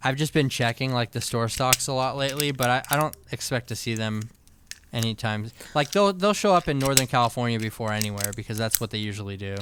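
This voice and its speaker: A man co-hosting a podcast in casual chat, relaxed and wry, often restarting his sentences. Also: mid-range voice, fast, background noise. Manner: relaxed, wry, self-correcting. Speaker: podcast co-host.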